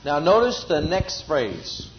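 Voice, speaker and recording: A man's voice: fairly high pitch, very animated, slow, highs cut off, slight background noise. A man preaching a sermon, repeating phrases with emphasis and leading the congregation in spoken responses.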